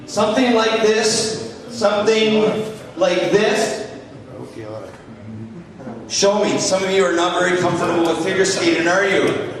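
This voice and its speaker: A man teaching hockey skating to a live audience, animated and jokey as he demonstrates moves. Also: high-pitched, a little slow, long pauses, a crowd in the background. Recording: echoey hall, distant mic.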